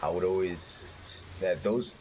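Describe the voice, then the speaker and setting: A man in his thirties telling his life story in a candid, profane, animated way. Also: sits low, a little slow, noisy background. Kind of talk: casual storytelling.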